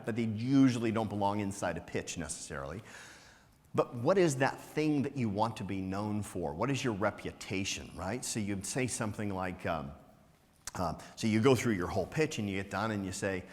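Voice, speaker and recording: A man giving a motivational business talk to a live conference audience, energetic and teasing, throwing out rhetorical questions with a frequent "right?". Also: on the low side, moderate pace. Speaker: conference speaker. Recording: long hall reverb.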